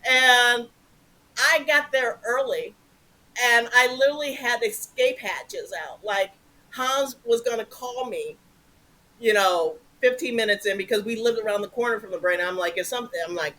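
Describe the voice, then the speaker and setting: A woman's voice: on the high side, unhurried, pushed and bright. A woman telling a story as an interview guest. She talks animatedly, swears freely and acts out the voices in her anecdotes. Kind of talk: casual storytelling.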